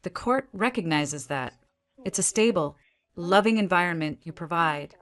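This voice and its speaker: A woman voicing a brisk, ruthless divorce lawyer in her fifties, speaking in curt, clipped, commanding sentences. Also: on the low side, animated, natural voice. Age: 50s.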